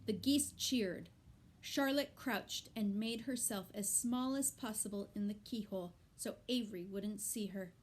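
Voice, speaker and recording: Slow, deliberate woman reading a story. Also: medium pitch, slight background noise. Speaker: reader. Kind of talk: reading a children's novel aloud.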